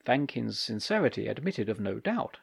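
Expressive male audiobook narrator. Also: medium pitch, normal speed, creaky, husky. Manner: expressive, lively storytelling. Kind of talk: audiobook reading of short stories.

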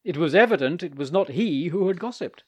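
A man narrating short stories for an audiobook with expressive, lively delivery. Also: a little high, fairly quick, slightly rough.

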